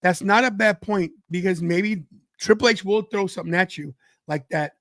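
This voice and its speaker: A man's voice: sits high, normal speed, fairly bright tone, no room sound, studio quality. A young man co-hosting a podcast, casually adding context and opinions in a playful way. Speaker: podcast co-host. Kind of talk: casual chat.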